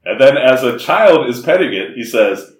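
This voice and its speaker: A man's voice: medium pitch, very animated, moderate pace. A man co-hosting a comedy podcast, reviewing a bad film with profane, mocking energy and acted-out bits. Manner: profane, mocking, acts out scenes in voices. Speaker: podcast co-host. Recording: roomy echo, a bit off-mic.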